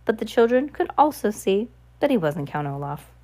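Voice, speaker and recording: A woman's voice: medium pitch, very animated, moderate pace, warm tone. A woman reading a novel aloud, who sometimes stumbles and corrects herself. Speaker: audiobook reader.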